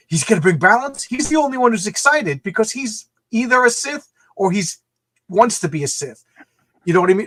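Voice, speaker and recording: A man in casual podcast chat, animated, acting out quoted lines in different voices. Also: high-pitched, no echo. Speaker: podcast co-host.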